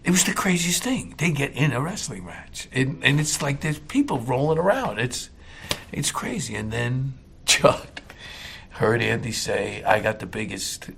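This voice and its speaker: A man's voice: mid-range voice, big pitch swings, measured pace, creaky, fairly bright tone, slight background noise. A man telling an anecdote with amused, dramatic delivery. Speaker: interviewee recalling a studio incident. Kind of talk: animated anecdote.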